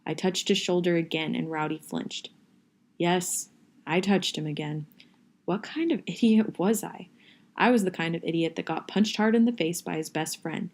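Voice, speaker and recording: Woman with a gravelly, low voice reading a novel. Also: moderate pace. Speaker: reader.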